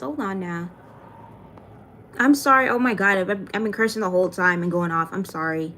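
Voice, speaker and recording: A woman's voice: medium pitch, fast, fairly bright tone, slight background noise. A young adult woman chatting casually on a livestream, thanking viewers by name and swearing now and then. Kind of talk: casual livestream chat reading comments.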